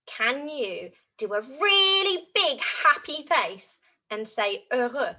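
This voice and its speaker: Animated woman teaching young children. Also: high-pitched, slow pace. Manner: animated, sing-song, models words for repetition. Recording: dull lo-fi audio.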